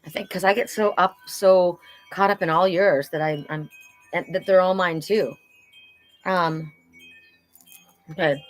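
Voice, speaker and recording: A woman's voice: fairly low pitch, steady tone, measured pace, pauses often, faint music behind, low-quality recording. Earnest woman giving spirit card readings. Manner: enthusiastic, relays spirit messages in soft earnest tones. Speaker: oracle card reader.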